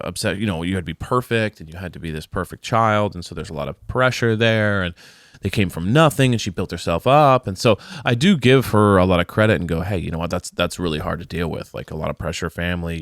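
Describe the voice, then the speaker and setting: A man's voice: sits low, brisk, fairly bright tone, dry recording, clean studio sound. A man co-hosting a podcast, chatting casually through a reality-TV recap and slipping into exaggerated mock voices. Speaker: podcast co-host.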